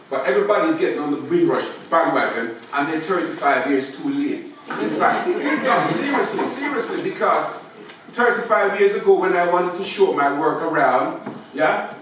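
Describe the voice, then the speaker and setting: A man's voice: fairly high pitch, a bit bright, a little hiss or hum. A man in his seventies giving a joking, chatty talk to an audience as a photographer, often checking in with "yeah?". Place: large theatre space. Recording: echoey hall, mic far off.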